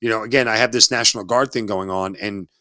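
This is a fast, pushed and bright voice, lowish and steady in tone, in a dry recording. A man in his forties, once an Army officer, speaks as an interview guest, telling his story conversationally and reflectively while repeating words as he restarts.

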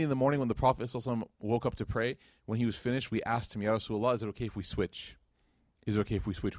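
A man's voice: dry recording, clean studio sound. A young man giving a casual, storytelling religious lecture, acting out quotes in a lifted voice. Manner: conversational, storytelling, acts out quotes with rising pitch. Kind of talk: religious lecture to a live audience.

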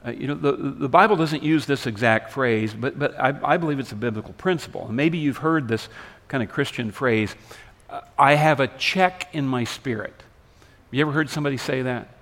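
A man preaching a sermon, his delivery swinging between loud emphatic lines and soft hushed ones. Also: medium pitch, brisk, big-room sound. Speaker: pastor.

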